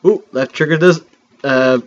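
Excitable man commenting on gameplay. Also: fairly high pitch, a little slow, dull audio, faint music behind. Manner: excitable and joking, with sudden loud outbursts. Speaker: let's play host.

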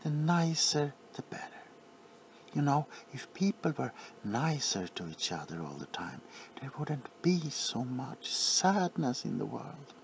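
A man playing an overly attached, sentimental pharmacist in a whispered role-play, softly fussing and apologizing. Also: mid-range voice, sing-song, a little slow, vocal fry, slight background noise. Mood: sweetly doting.

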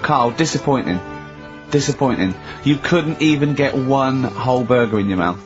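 A man's voice: medium pitch, expressive, normal speed, music in the background. A man with an English accent co-hosting a radio show, teasing and goading with lots of laughter. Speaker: radio co-host. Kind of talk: jokey radio banter. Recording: dull lo-fi radio broadcast.

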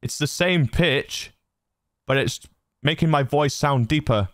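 Recorded dry on a studio broadcast mic, a man with a slightly high voice takes his time showing off the voice effects on his audio mixer. He's a host demonstrating gear in a casual tutorial, chatty and chuckling at his own silliness.

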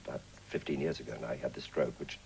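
Man, sixties, English, very low voice, anecdotal, faint tape hiss. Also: quick pace, creaky, rough recording. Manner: lively storyteller, breaks into character voices and laughs. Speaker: actor, interview guest. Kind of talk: anecdotal chat show interview. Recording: 1980s TV studio, faint hiss.

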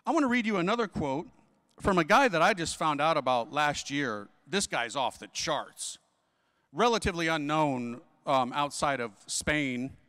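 A man's voice: fairly high pitch, animated, moderate pace, bright, forceful tone. A man in his forties, a Catholic priest, preaching at a conference in an emphatic, slangy way full of rhetorical questions. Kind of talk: energetic preaching. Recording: hall reverb.

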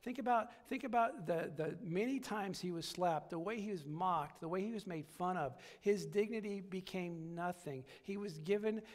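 A man's voice: sits high, normal speed, few pauses, long reverb tail. A man preaching a sermon as pastor, repeating phrases and building to emphatic peaks. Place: church sanctuary.

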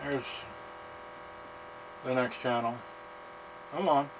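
A man casually demonstrating a serviced stereo, talking in halting bits as he thinks aloud and works the gear. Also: medium pitch, steady tone, loud music behind the voice, poor audio.

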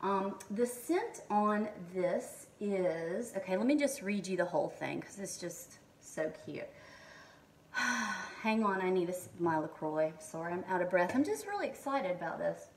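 A middle-aged woman, chatting excitedly in a home kitchen as she unboxes beauty products, reading labels aloud with lots of ums. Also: mid-range voice, unhurried, distant mic, slight background noise. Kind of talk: casual haul and unboxing chat.

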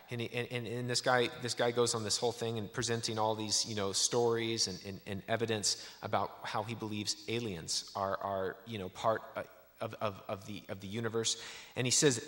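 A man's voice: fairly low pitch, flat delivery, fairly quick, a bit bright. A man giving a sermon in a church, telling a story with many restarts. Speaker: preacher. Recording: echoey church hall.

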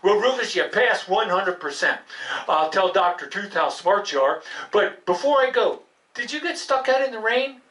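Woman doing a kids puppet show, gentle questions, bright voice, echoey and a bit far from the mic. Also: mid-range voice, lively intonation, moderate pace. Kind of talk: live puppet show for children. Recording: roomy, from a distance.

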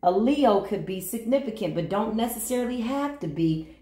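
A woman's voice: a little high, animated, normal speed, warm tone, reverberant. A woman giving a channeled tarot reading to her viewers, with a playful, teasing manner and sing-song greetings. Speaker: tarot reader.

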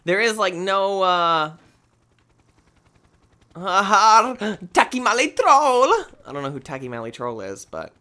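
A man hosting a gaming video, talking through his play in an excitable, exclamatory, rambling way. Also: fairly high pitch, moderate pace, few pauses, smooth. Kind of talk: let's play commentary.

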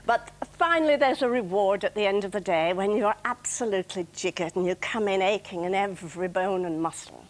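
A woman's voice: mid-range voice, a little fast, few pauses, rough recording. A middle-aged woman, a studio guest, chatting about her hobby and reading her own light, humorous poems. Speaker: guest poet. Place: television studio.

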